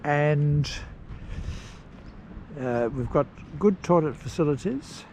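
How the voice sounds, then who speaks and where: A man narrating a casual travel vlog outdoors at a campsite, unhurried and rambling with pauses and fillers. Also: a little high, lively intonation, a little mellow, slight background noise. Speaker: travel vlogger.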